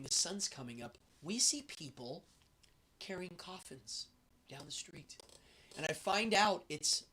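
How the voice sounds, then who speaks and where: A man hosting a show, telling a travel story in a lively, animated way and acting out the voices of the people in it. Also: fairly high pitch, breathy edge. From United States. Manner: lively storyteller, acts out the guards' and his own lines. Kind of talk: animated anecdote.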